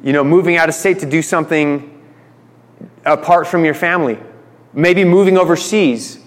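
A man's voice: a little high, moderate pace, long reverb tail. A man preaching a sermon in a conversational way, retelling stories with voiced quotes. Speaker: pastor.

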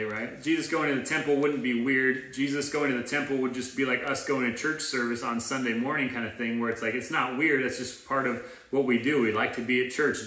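A man's voice: medium pitch, fairly bright tone. A man giving a casual sermon as pastor, talking conversationally with slang and acting out little asides. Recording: roomy sound from a distance.

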